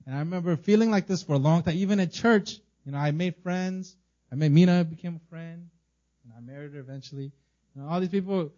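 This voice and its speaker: A middle-aged man born in Korea and raised in America gives an earnest sermon. His voice sits a little high, and he often stumbles and restarts as he searches for words. The audio sounds muffled and low-fidelity. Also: dark tone. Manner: earnest, emotional testimony with frequent restarts. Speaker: pastor.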